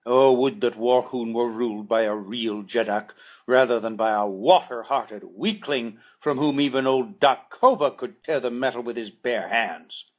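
A man's voice: medium pitch, highs cut off, lightly acted. Man voicing a huge, scarred Martian warlord, Dak Kova. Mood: roaring defiance. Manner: roaring, defiant, slow and heavy.

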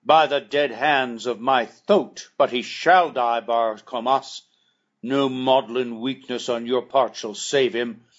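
A hulking, battle-scarred old Martian warlord, as a male audiobook narrator puts him on, bellowing each word with slow, heavy menace. His voice is husky and louder than the storytelling around it. The storybook recording sounds dull and lo-fi. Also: medium pitch, steady tone. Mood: roaring defiance. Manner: roaring, defiant, slow and heavy.

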